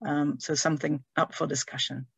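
A woman's voice: low voice, level tone, fairly quick, vocal fry, slightly rough, dry recording. A woman opens an online event as host, speaking hesitantly and filling the gaps with ums. Her voice is recorded close and dry. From Scotland. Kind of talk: formal event introduction.

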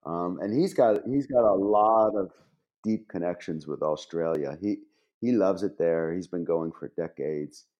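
Deep-voiced man in his fifties. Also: measured pace, muffled recording. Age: 50s. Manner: animated, laughing anecdote teller with many restarts. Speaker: podcast guest. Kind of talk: casual storytelling.

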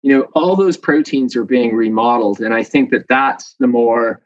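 A man who is a professor, explaining things as a guest in a casual interview with a lively, chatty manner and many fillers. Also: mid-range voice, moderate pace, dry recording. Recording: dull dry lo-fi sound.

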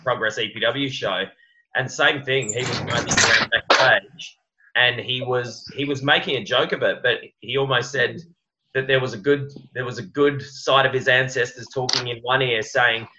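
A man in casual podcast chat, reflective and halting, often restarting his sentences. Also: medium pitch, fairly even intonation, background noise. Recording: dull lo-fi recording.

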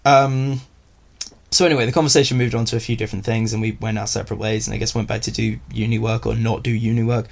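A man's voice: on the low side, flat delivery, quick pace, gravelly. A young man, telling a rambling, self-deprecating story as a podcast guest. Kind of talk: casual storytelling chat.

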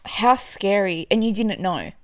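A young woman in casual chat, reacting with shock and sympathy and asking quick questions. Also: medium pitch, dry recording. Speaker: listener.

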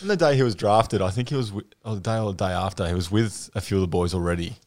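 Easygoing Australian man, low voice. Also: quick pace, a little mellow, dry recording. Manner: easygoing storytelling with hesitations. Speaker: guest footballer. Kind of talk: casual chat.

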